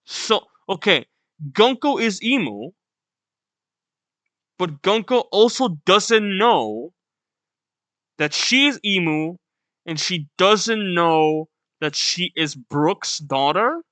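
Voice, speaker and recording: A man's voice: high-pitched, sing-song, slow, pauses often, bright, forceful tone, no room sound. A man reacting to a comic chapter, thinking aloud in a puzzled, casual way. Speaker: manga reaction youtuber.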